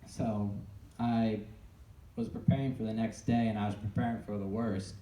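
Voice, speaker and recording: A young man giving an earnest personal testimony to an audience, halting and often restarting his sentences. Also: on the low side, warm tone. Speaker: speaker telling his own story. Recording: echoey room, voice picked up from a distance.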